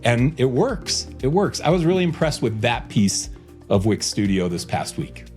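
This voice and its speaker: A man hosting a podcast, talking casually and with energy, joking around and speeding up when he gets excited. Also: mid-range voice, moderate pace, faint music behind. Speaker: podcast host.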